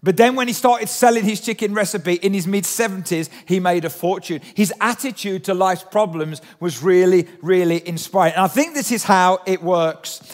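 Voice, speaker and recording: A man's voice: sits high, moderate pace, hardly any pauses. A man preaching a sermon in a church, chatty, often asking the congregation questions. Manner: conversational, asks the congregation questions. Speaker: pastor. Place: church hall. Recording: long hall reverb.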